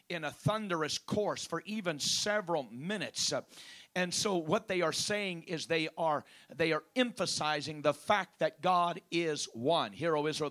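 A man preaching a sermon, starting slow with halting restarts and rising to loud, emphatic repetition. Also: mid-range voice.

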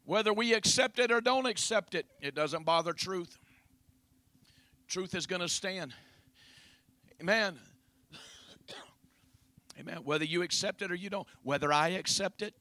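A man preaching a Pentecostal sermon, punctuating his lines with "uh, amen" and building to shouts. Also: high voice, a little slow, long pauses, no room sound. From raised in a Pentecostal home.

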